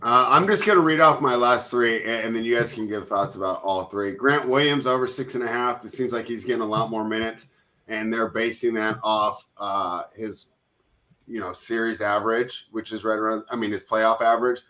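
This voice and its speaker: A man's voice: fairly low pitch, normal speed, sharp tone, low-quality recording. A man hosting a casual sports betting chat, joking and calling himself a hater. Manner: joking, self-described hater. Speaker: host.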